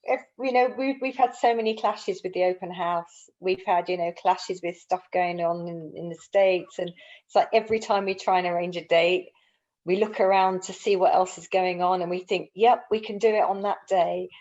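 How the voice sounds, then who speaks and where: A woman speaking as a co-organiser on a video call, encouraging and warm, often repeating words as she talks. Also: lowish voice, steady tone, normal speed. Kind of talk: casual video-call chat. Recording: dull lo-fi video-call audio.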